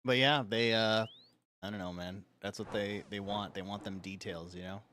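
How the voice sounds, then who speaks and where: A man's voice: lowish voice, steady tone, normal speed, pushed and bright, slight background noise. A young man streaming live, talking in a loose, rambling way with lots of fillers and frequent laughter. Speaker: livestreamer. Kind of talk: casual chat on a live stream.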